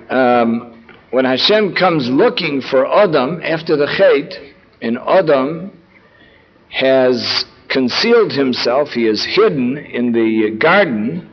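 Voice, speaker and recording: A man teaching a text study lesson, explaining word meanings and repeating key phrases for emphasis. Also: on the high side. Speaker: Torah teacher. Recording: dull lo-fi recording.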